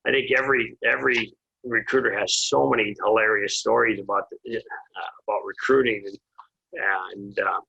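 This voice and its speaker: A man's voice: lowish voice, steady tone, normal speed, gravelly, sharp tone, lo-fi sound. A man, a former assistant hockey coach, telling a rambling, chuckling recruiting story as an interview guest. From Minnesota. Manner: rambling, frequent restarts and chuckles.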